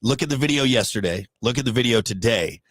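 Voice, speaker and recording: Playful joking man, lively voice. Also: mid-range voice, no room sound. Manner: jokey, playful, quick to goof around. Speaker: radio show co-host. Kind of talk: casual comedic banter.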